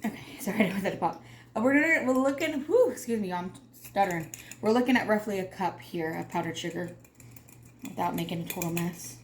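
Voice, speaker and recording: A woman hosts a casual cooking demo from her home kitchen, chatting freely and poking fun at herself. Her voice sits at an ordinary middle pitch. The room is echoey and noisy around her. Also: lively intonation, a little fast. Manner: chatty, self-deprecating, addresses viewers as y'all. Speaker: cooking video host. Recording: echoey kitchen with loud background noise.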